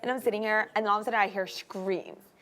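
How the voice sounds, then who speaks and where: A woman's voice: medium pitch, fast talker. Chatty young woman telling a story. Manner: animated, fills talk with "like", acts out quoted voices. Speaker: reality show contestant. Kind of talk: casual storytelling.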